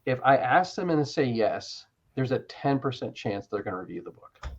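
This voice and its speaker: A man telling stories in a casual interview, animated, with quick restarts and asides. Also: medium pitch, highs cut off. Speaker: interview guest, author.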